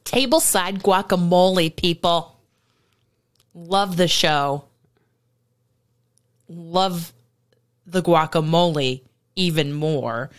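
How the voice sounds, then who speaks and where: A woman's voice: on the low side, takes it slowly, long pauses. A woman co-hosting a podcast, chatting casually and enthusiastically about food in vivid detail. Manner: enthusiastic, descriptive, laughs easily. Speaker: podcast co-host.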